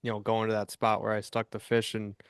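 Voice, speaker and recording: Smooth-voiced man in easy chat. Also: lowish voice, completely flat delivery, fairly quick, dry recording, clean studio sound. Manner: easygoing, laughs through his story. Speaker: tournament angler guest. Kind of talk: casual podcast chat.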